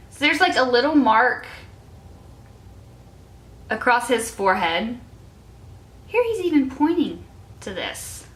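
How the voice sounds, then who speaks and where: A woman's voice: on the high side, pushed and bright. A young woman in her twenties chatting casually as a vlogger, reading old notes aloud and giggling at herself in a self-mocking way. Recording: echoey room.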